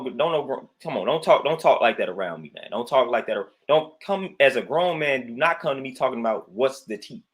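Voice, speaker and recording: A man running his own livestream goes on an insistent, looping rant, leaning on the word "man" nonstop and stopping to say hello to viewers between points. The voice is mid-range and slightly bright.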